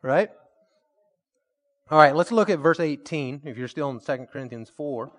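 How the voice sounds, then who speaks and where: Preaching man with a bright tone. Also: on the high side. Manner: storytelling preacher, slows for emphasis and rises when excited. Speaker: pastor. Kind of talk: sermon.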